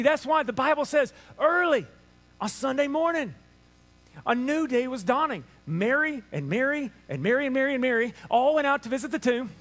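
A man preaching an Easter sermon to a church congregation, animated and playful, acting out little voices for laughs. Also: very high-pitched. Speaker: pastor. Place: church sanctuary before a congregation.

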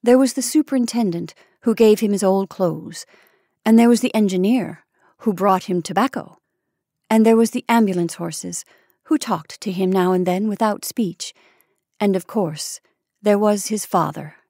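A woman narrating an old short story in a measured, expressive reading. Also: medium pitch, dry recording, studio quality. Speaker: story reader. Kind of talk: scripted narration.

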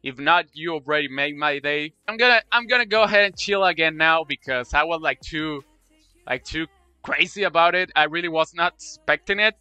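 A man chats excitedly to his live-stream viewers, repeating phrases and pouring out thanks. His voice is high and bright, heard close and dry. Faint game music plays underneath. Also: moderate pace, smooth, no echo, dull audio. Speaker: Roblox streamer.

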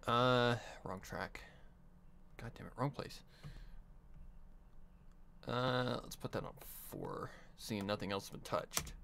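A man's voice: mid-range voice, slow, gravelly, long pauses, fairly bright tone, a little hiss or hum. A man on a live stream, casually muttering to himself as he edits audio. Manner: muttering to himself while working.

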